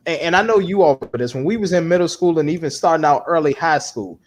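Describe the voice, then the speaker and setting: A man co-hosting a podcast in casual chat, animated and repeating himself for emphasis. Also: on the high side, fast talker. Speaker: podcast co-host.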